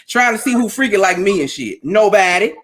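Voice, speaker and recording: A man in casual podcast chat, telling stories in a blunt, profane, animated way. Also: high-pitched, brisk, over loud music.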